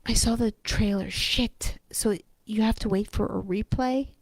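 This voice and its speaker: Gravelly, blunt rambling woman. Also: medium pitch, fairly even intonation, a little slow, no room sound. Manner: rambling, blunt, swears, drops into asides. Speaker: vlogger. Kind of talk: casual chat.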